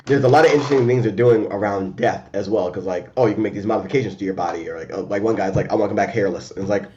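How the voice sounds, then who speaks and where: Excitable man chatting casually over a call. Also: lowish voice, very fast, lo-fi sound. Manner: animated and profane, many fillers and restarts. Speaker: podcast co-host. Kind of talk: casual chat.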